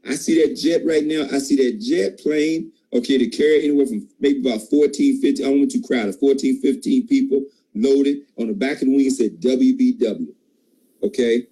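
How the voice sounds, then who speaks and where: A man's voice: moderate pace, warm tone, husky, rough recording. Emphatic man giving a pep talk. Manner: emphatic, preachy, jumps in pitch. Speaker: team leader at a sales call.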